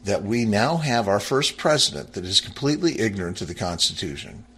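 A husky man delivering a fervent political monologue, his voice climbing sharply when he grows angry and dropping low when he goes quiet. He talks emphatically, stumbles into restarts, and keeps circling back to reread his text. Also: animated, fairly quick. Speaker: political commentator. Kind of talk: impassioned monologue reading from a founding text.

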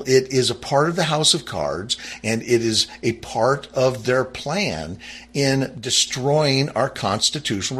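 A husky political commentator gives an impassioned monologue reading from a founding text, his voice climbing sharply in anger and dropping low in quieter moments. He speaks emphatically, stumbles into restarts, and keeps going back to reread the text.

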